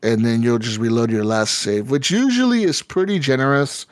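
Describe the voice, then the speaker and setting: A man co-hosting a gaming podcast, telling stories in a lively, casual way and swearing often. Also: mid-range voice, moderate pace, no echo. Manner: animated storytelling, swears often. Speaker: podcast co-host. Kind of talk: casual chat.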